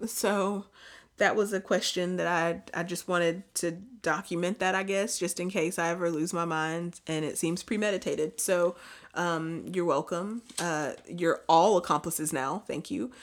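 A woman co-hosting a casual chat, animated and playful, slipping into loud silly voices. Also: fairly low pitch, a little slow. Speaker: podcast co-host.

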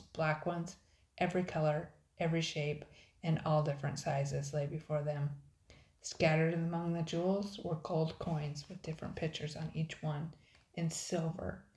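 A woman reading a children's story aloud in a measured, gentle manner, recorded in an echoey room. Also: deep voice. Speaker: narrator.

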